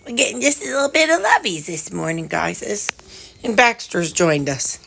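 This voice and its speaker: A woman talks casually at home for her vlog. She rambles from one thought to the next and trails off with ums. Her voice sits at an ordinary middle pitch. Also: sing-song, moderate pace, creaky, fairly bright tone. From Missouri, US. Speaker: weight-loss vlogger.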